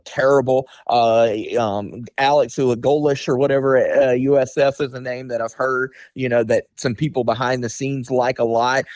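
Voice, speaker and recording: A man's voice: medium pitch, a little mellow, dry recording. Blunt guy dishing inside info on a sports radio show, dry close sound, lots of you know. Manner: blunt, candid, fills pauses with "you know" and "um". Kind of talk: radio sports talk interview.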